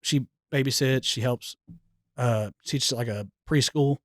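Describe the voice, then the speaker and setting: A man's voice: medium pitch, a little slow, no room sound, clean studio sound. Chatty man telling family stories. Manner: animated storyteller, many "like" fillers. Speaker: podcast guest, firefighter. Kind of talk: casual chat.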